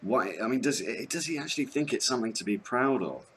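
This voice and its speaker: A man chatting as a guest, hesitant and halting, with crude jokes. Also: medium pitch, expressive, fairly bright tone. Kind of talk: casual podcast chat.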